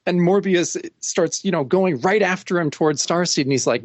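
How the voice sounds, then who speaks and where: A co-host of a comic book podcast, excitedly retelling the panels and quoting the characters. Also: medium pitch, moderate pace, few pauses, dry recording. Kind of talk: casual comic book discussion.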